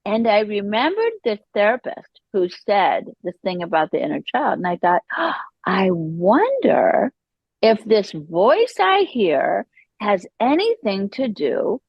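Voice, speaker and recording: Animated woman telling her recovery story. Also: medium pitch, slow, breathy edge, no room sound, lo-fi sound. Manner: animated storyteller acting out quoted voices. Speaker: podcast guest.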